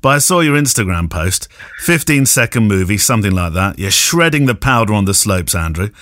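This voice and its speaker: Deep-voiced lively male podcast host. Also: a little fast, dry recording, studio quality. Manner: chatty, jokey, stammering restarts. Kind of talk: casual podcast chat.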